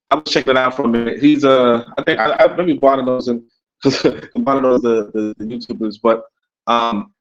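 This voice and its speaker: A Caribbean-born man co-hosting a casual talk show, rambling and animated, with many restarts and laughs. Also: mid-range voice, muffled recording. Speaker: podcast co-host. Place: in Africa.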